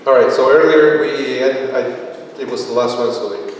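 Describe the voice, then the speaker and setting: Male speaker, loose offhand chat, mid pitch, far from the mic in a reverberant hall. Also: normal speed, a little hiss or hum. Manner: rambling, with many fillers. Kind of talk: casual chat.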